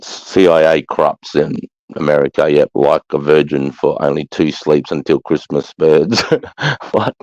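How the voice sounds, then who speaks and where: A man's voice: extremely low pitch, slow pace, darkish tone, dry recording, highs cut off. An Australian man chatting casually on a stream, blunt and swearing, calling everyone mate. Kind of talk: casual live-stream chat.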